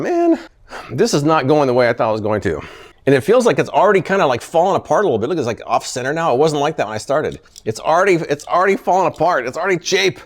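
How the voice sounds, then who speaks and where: A man hosting a casual product-testing vlog, talking animatedly and often sounding exasperated, chuckling when a gadget fails. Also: fairly high pitch. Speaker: product reviewer, channel host.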